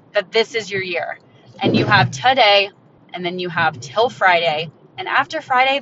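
A young woman from Florida hosting a casual podcast, talking excitedly into her phone while driving in her car. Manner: excited, upbeat, salesy. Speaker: podcast host. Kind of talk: casual solo podcast pitch. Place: in a moving car. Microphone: phone mic. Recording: dull phone recording with car rumble.

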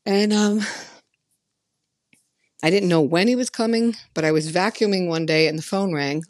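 Low-voiced woman telling a chatty story. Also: moderate pace, no echo. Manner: chatty, emphatic, animated quoting of others. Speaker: podcast host. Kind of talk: casual storytelling monologue.

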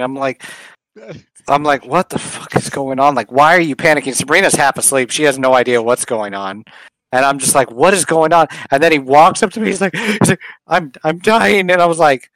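A man co-hosting a podcast in casual banter, telling stories deadpan and swearing freely. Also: on the high side, brisk, no echo, rough recording. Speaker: podcast co-host.

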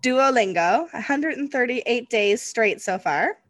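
A woman in her forties hosting a podcast interview, chatty and quick to laugh. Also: a little high, lively intonation, a bit bright, no echo. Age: 40s. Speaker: podcast host. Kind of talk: casual interview chat.

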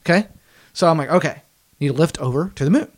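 Late-20s man, slightly high voice, animated casual storyteller who acts out quotes. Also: fast talker.

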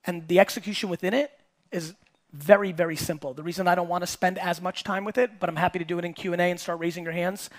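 A middle-aged man with a high voice speaks to a live audience. His delivery is blunt and punchy, and he swears casually and repeats key lines for emphasis. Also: steady tone, quick pace. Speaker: entrepreneur and host. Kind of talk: keynote talk to a live audience.

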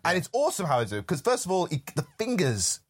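A podcast co-host in a casual film discussion, talking in an animated, rambling way full of "like" and "literally", with swearing. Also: medium pitch, fast talker, slightly rough.

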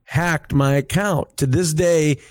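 A young man in casual group chat, telling a gaming story in a lively way, full of "like" and "dude". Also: a little high, slow. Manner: animated storyteller, many "like" and "dude".

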